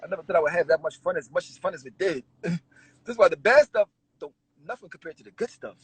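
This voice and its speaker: A man's voice: sits high, fast talker, slightly rough, no room sound, low-quality recording. A man, a rapper telling stories in a casual interview, swearing and laughing as he goes. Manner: animated, swearing, laughing storyteller.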